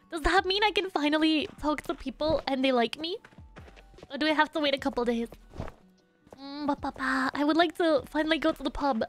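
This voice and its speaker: Brief: young woman game streamer, high bright-toned voice, giggly and playful, faint music underneath. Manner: playful, giggly, hums little nonsense syllables. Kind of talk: casual live game-stream chat.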